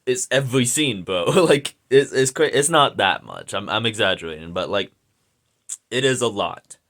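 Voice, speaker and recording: A man with a hoarse, slightly sick voice, rambling through a casual video review with lots of fillers and slang. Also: lowish voice, animated, moderate pace, fairly bright tone. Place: indoors at home.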